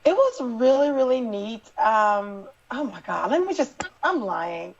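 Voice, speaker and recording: A woman's voice: on the high side, very animated, measured pace, dull audio, crowd noise. A woman, an actress and morning show co-host, chatting in a bubbly, laughing way. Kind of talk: casual interview chat.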